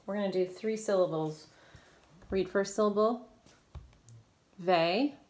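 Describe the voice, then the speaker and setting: A woman teaching a recorded phonics lesson to children, giving clear prompts and praising often. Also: medium pitch, slow pace, a little mellow. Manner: encouraging, clear teacher prompts to young readers. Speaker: reading teacher.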